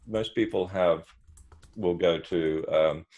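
A man's voice: low-pitched, slow, lo-fi sound. A man in his fifties, a podcast guest, telling stories with lots of restarts. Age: 50s. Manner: animated storyteller with frequent restarts. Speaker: podcast guest, marketing advisor. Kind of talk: casual interview storytelling.

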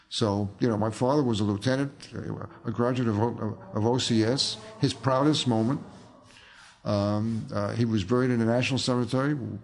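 A man's voice: mid-range voice, gravelly, a little mellow. An older man, an author and filmmaker, telling rambling anecdotes in a casual interview, full of fillers and restarts.

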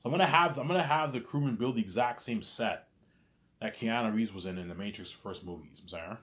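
A man's voice: fairly low pitch, brisk, fairly bright tone. A man telling a rambling, casual story, stumbling over restarts and leaning on the same stock phrases again and again.

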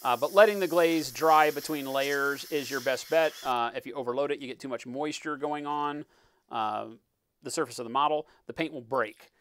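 A man talking through a live-stream painting tutorial in a relaxed, explanatory way, often checking in with "right?" and sometimes muttering as he works. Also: medium pitch, normal speed, a little hiss or hum. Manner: muttering while working. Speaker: miniature painting instructor.

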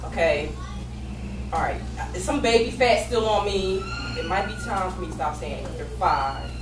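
A woman in her thirties performing a profane stand-up comedy set, getting loud and shouty at the punchlines. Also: fairly low pitch, moderate pace, music in the background. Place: comedy club stage with a live audience. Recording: echoey room, from far off, audience noise.

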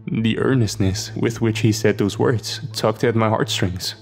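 A man telling a scripted horror story in the first person, his voice gravelly and fried at the ends of phrases. He sounds slightly low and keeps a dry, sardonic tone, with faint music underneath. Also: steady tone, a little slow.

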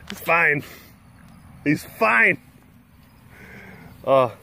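A man chatting casually on his vlog, a playful rambler. His voice sits a touch high and bounces around a lot as he talks. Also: very animated, slow pace, pauses often, pushed and bright, slight background noise. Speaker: sanctuary keeper and vlog host.

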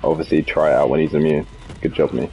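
A man's voice: very deep voice, steady tone, quick pace, a little mellow, soft background music. A man streaming a co-op shooter, giving casual, sardonic commentary and swearing freely at the game. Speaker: streamer playing in co-op. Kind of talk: casual gameplay commentary with party chat.

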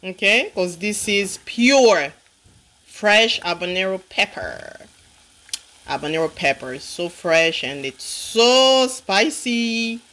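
A woman's voice: mid-range voice, expressive, slow, a bit bright, low-quality recording. A woman cooking on camera, talking sassily and teasingly to her viewers and calling them honey. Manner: sassy, teasing, calls viewer honey, repeats "okay?". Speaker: cooking vlogger. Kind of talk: casual cooking demonstration. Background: frying sizzle.

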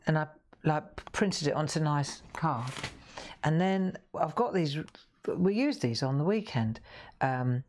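A woman's voice: low voice, darkish tone, a little hiss or hum. A woman hosting a live craft show, chatting in a rambling way as she works, often breaking off mid-sentence. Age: 60s. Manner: chatty, rambling, self-interrupting. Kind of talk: live crafting demonstration chat.

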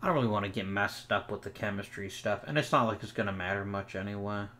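A man's voice: lowish voice, quick pace, bright, forceful tone. A young man hosting a let's play of a baseball management game, talking through his choices and sarcastically snapping back at his own virtual players. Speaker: gaming channel host.

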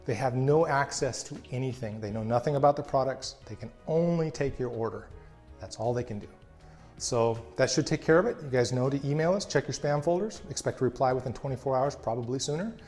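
A man's voice: mid-range voice, brisk, darkish tone, faint music behind. A man running a small business, talking casually to customers in a plainspoken, reassuring way, often restarting his sentences. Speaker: small business owner answering customer questions. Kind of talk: casual talk to camera.

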